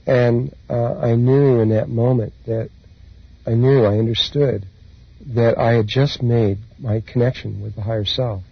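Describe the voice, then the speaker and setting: A man speaking as a spiritual teacher, telling his personal experiences in an unhurried, meandering way with soft laughs. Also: mid-range voice, fairly even intonation, vocal fry, slightly rough, dry recording. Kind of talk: reflective personal storytelling talk. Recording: dull lo-fi recording.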